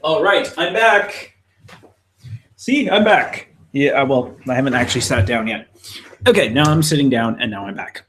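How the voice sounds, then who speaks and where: A man's voice: mid-range voice, lively intonation, moderate pace, fairly bright tone, slight background noise. A man illustrator chatting casually on a live stream, rambling and talking to himself while he draws. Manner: rambling, self-talking, scattered fillers.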